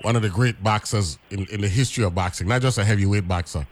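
A man's voice: on the low side, fast, a little hiss or hum. A man hosting a radio talk show, rambling with many repeated words and asking "right?" often. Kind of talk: casual radio chat.

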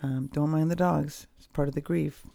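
A woman's voice: low-pitched, steady tone, moderate pace, creaky, mellow, slight background noise. A woman hosting a personal podcast from home, talking candidly in a rambling, reflective way with many fillers and restarts. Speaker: podcast host. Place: at home, dogs nearby.

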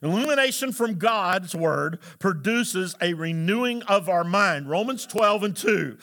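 A man preaching from the pulpit in a bright, forceful voice. He calls out to the congregation for answers and climbs into shouted emphasis. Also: high voice, animated, measured pace. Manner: preaching with call-and-response, rising to shouts. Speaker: pastor. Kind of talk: sermon.

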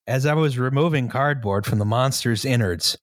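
A man reading a story aloud to a co-host in a measured, steady way, now and then breaking into laughter. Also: medium pitch, no room sound, clean studio sound. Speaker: story reader.

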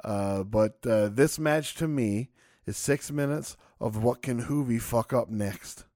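A man's voice: medium pitch, takes it slowly, a little mellow, dry recording. Laughing man recapping wrestling, dry sound. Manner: laughs often, recaps matches with swearing. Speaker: podcast co-host. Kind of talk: casual chat.

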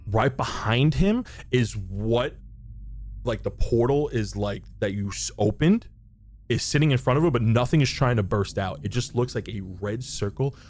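A man's voice: mid-range voice, expressive, darkish tone. A man running a tabletop game, narrating a scene in a plain mid-range voice. He stops and restarts often, padding with fillers as he thinks aloud. A faint room hum sits behind him. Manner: descriptive, halting, with many fillers and restarts. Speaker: game master.

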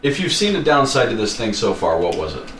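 A man's voice: medium pitch, sing-song, brisk, fairly bright tone, a little hiss or hum. A man chatting casually while a game is played, teasing and laughing often. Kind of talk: casual gaming chat. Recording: roomy, far from mic.

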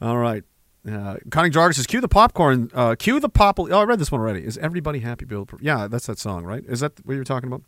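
Male podcast host, profane joker, tense bright tone, dead-dry sound. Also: mid-range voice, very animated, fast, no room sound. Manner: profane, joking, slips into put-on accents. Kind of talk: casual livestream talk reading chat.

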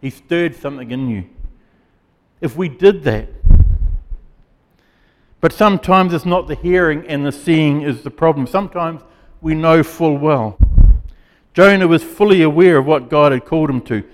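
A man preaching a sermon as pastor, earnest and emphatic, with dramatic pauses. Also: on the high side, long reverb tail.

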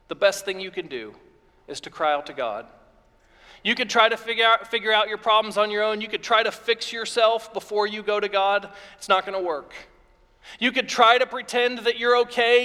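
A man's voice: sits high, sharp tone, clear, resonant tone. A man preaching a sermon as pastor, earnest and repetitive in his phrasing. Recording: long reverb of a hall.

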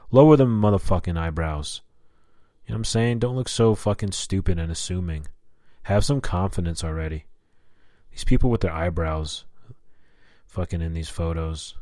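A man's voice: sits low, darkish tone, no room sound, clean studio sound. A man hosting a solo talk, ranting about daily annoyances with heavy swearing and mocking asides. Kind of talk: solo profane rant.

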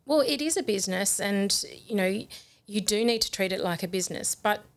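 A woman's voice: medium pitch, lively intonation, brisk. A woman who is a guest in a studio interview, speaking in an upbeat, encouraging way.

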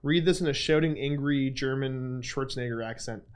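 A man's voice: medium pitch, normal speed, clear, resonant tone. A young man hosting a livestream Q&A, chatting casually with lots of fillers and self-deprecating asides. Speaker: livestream host.

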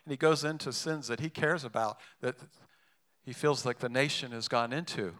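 Man pastor, sermon delivery, bright and clear voice, talky and animated. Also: medium pitch, fairly quick. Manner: conversational, animated, with restarts and asides.

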